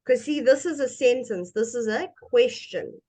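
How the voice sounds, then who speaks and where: Slow, patient woman teaching English. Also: on the high side, dark tone. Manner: slow, patient, demonstrates intonation. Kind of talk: one-on-one language lesson.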